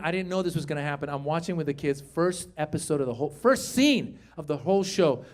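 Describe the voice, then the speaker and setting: A man performing a stand-up comedy routine, telling an animated story, acting out voices and talking with the crowd. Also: a little high.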